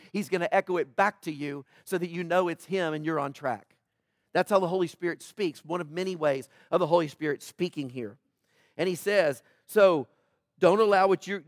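A man pastor delivers a sermon in a high, bright voice, caught close and dry. He talks to the congregation casually, joking, then pushes hard with loud pleas before dropping to quiet emphasis. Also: no echo. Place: church.

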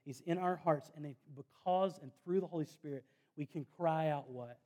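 A man's voice: on the high side, normal speed, a little mellow. A man, preaching a sermon in an earnest, conversational way with self-deprecating asides. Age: 30s. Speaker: pastor.

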